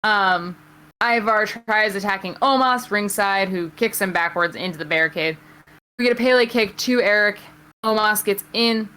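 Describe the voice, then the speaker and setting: A woman co-host talks through a wrestling match blow by blow in relaxed podcast chat. Her voice is bright and forward, and she fills pauses with ums as she goes. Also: mid-range voice, smooth, poor audio. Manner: play-by-play retelling with many ums. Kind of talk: casual podcast chat, recapping a wrestling show.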